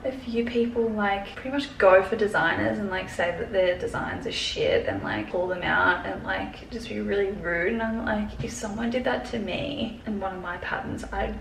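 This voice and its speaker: In an echoey bedroom with faint noise behind her, a sewing pattern designer in her twenties vlogs casually while stressed and tearful. Her medium-pitched voice carries vocal fry, runs at normal speed and rarely pauses as she rambles anxiously, swearing and using plenty of fillers.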